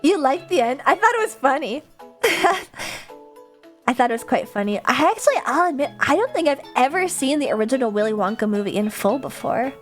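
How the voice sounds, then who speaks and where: A young adult woman chatting casually as a livestreamer, answering viewers' comments in an animated, chatty way with frequent laughter and casual swearing. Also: high voice, a little fast, soft background music.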